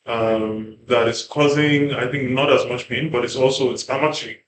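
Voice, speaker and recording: A man's voice: medium pitch, fairly even intonation, normal speed, slight background noise. A man in a panel discussion, thinking aloud with many fillers and restarts. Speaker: panel guest. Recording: roomy with faint background ambience.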